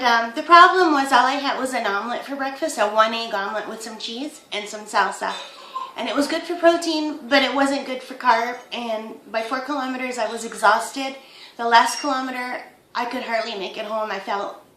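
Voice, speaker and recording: A woman's voice: a little high, pushed and bright, reverberant, a little hiss or hum, low-quality recording. A woman in her fifties chatting casually to camera at home as a vlogger, rambling through her week in an easy, talkative way. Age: 50s.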